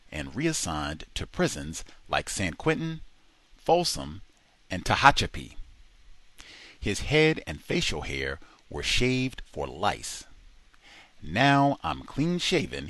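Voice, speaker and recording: Brief: male book reader, low and expressive, dry close sound. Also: dry recording. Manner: dramatic, expressive reading. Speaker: audiobook reader. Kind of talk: reading a nonfiction book aloud.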